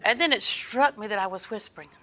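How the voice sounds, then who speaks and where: Bright-voiced older woman preaching. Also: mid-range voice, fast, slight background noise, poor audio. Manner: folksy storytelling, dropping to soft tones. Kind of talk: sermon.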